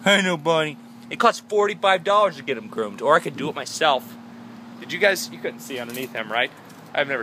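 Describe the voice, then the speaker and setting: A young man in his twenties chatting casually in a vlog, rambling and laughing often, with sudden loud high jumps in his voice. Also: a little hiss or hum. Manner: excitable, jumps high and loud when calling his dog. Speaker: vlogger.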